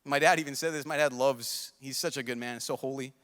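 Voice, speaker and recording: This young priest's mid-range voice runs a little fast, fairly bright and fairly even in intonation. He repeats himself through an emotional, pleading sermon to a large youth conference crowd, and the large conference hall gives the recording a long reverb.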